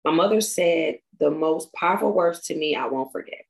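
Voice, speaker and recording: A young woman reading a personal memorial tribute aloud, tearful and halting, stumbling and restarting as she goes. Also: low-pitched, creaky, poor audio. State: tearful, crying.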